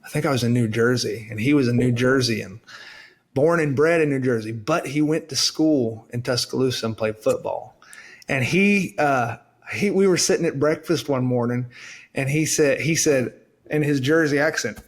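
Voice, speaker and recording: A man's voice: medium pitch, moderate pace. A man, a guest author telling stories in a folksy, earnest and self-deprecating way. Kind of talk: casual interview chat.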